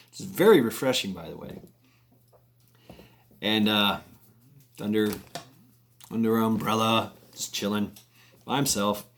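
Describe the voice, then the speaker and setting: A man's voice: lowish voice, slow pace, long pauses, fairly bright tone, a little hiss or hum. A man telling a long story in a casual, rambling way, with many restarts and chuckles.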